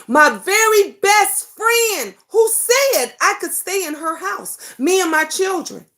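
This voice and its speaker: High-voiced fervent woman host. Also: animated, takes it slowly, sharp tone. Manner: fervent, repeats rhetorical questions, swears freely; addresses viewers by name. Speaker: talk show host. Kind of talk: impassioned casual livestream talk.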